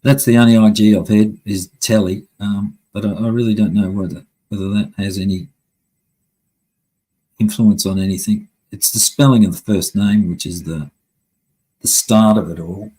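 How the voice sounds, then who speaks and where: A man's voice: on the low side, fairly even intonation, normal speed, mellow, husky, low-quality recording. A man hosting a live stream, ranting angrily at his chat with constant swearing. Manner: heavy swearing, angry and blunt. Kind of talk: casual live-stream rant.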